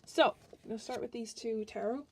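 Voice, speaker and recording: A woman with a fairly high voice talks through a tarot reading in a loose, chatty way. She rambles and keeps breaking off to restart her sentences. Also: fairly even intonation, fairly quick, vocal fry, breathy edge. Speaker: tarot reader.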